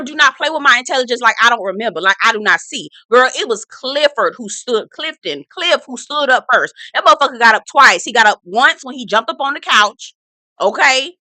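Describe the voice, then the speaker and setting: A woman's voice: on the high side, bright, forceful tone, no echo. A woman hosting a casual reality TV recap, talking in a blunt, sassy, profane way.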